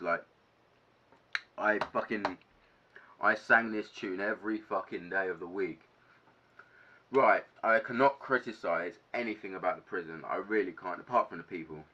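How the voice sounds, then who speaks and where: A young man telling a casual storytime to camera, animated, ranting and swearing a lot. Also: on the low side, a little hiss or hum. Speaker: vlogger. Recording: dull lo-fi sound.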